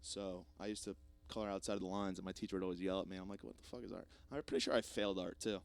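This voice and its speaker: A young man hosting a podcast, rambling through a jokey, self-deprecating solo monologue with plenty of swearing, swinging between loud bursts and mumbled asides. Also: low voice, level tone, rapid-fire, clear, resonant tone. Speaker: podcast host.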